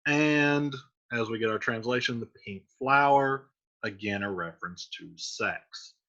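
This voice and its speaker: A man explaining a play in a relaxed, chatty classroom manner, with frequent fillers. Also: medium pitch, measured pace. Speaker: teacher. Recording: dull lo-fi recording.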